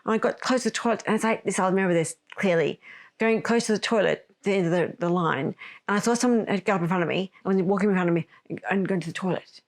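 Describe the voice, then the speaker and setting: On her podcast, a woman with a mid-range voice tells a personal story at a quick pace. The emotional retelling rambles, and she keeps correcting herself along the way.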